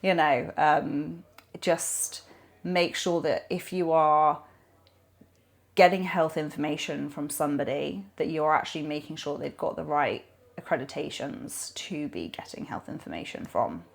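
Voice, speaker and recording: A woman talks as a guest on a podcast, animated and chatty, full of fillers and self-corrections. Her voice sits fairly low, with a gravelly, creaky texture. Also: a little slow. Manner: animated, rambling with many fillers. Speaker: nutrition coach, podcast guest. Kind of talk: conversational podcast interview.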